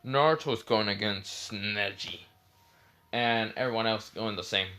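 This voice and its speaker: A man's voice: fairly low pitch, measured pace, pushed and bright. A young man casually retelling a fan story. He rambles with many fillers and self-corrections.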